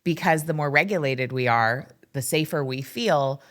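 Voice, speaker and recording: A woman's voice: sits low, normal speed. A woman hosting a podcast interview, reflective and thinking aloud as she talks. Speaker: podcast host.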